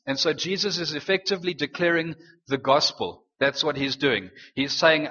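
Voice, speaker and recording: A man preaching a sermon, slowing down and rising on key phrases for emphasis. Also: on the high side, sharp tone. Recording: dull sound in a long-reverb hall.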